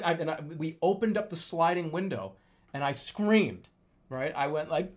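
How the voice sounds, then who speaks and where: A young man casually telling a story, swearing freely and loudly acting out the lines he quotes. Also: on the high side, expressive, moderate pace. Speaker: storyteller recounting a dream.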